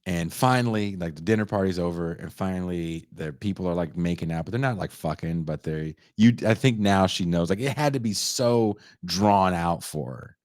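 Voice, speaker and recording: Deep-voiced man riffing profanely. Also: moderate pace, hardly any pauses, dry recording, clean studio sound. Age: 40s. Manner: profane, animated, acts out quoted lines. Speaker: podcast host reviewing a film. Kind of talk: casual comedic film review.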